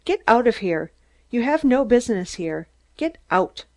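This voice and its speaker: A woman voicing a shrill, screaming little man. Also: sing-song, unhurried. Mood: furious. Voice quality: shrill, squeaky. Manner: screaming, staccato, gloating. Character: shrill, excitable stunted little man, a ranting radical.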